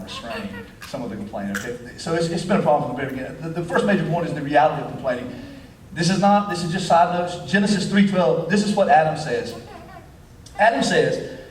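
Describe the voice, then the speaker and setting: A man preaching a sermon as pastor, animated and joking, often repeating words as he starts a phrase. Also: fairly high pitch. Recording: echoey hall, voice a bit distant.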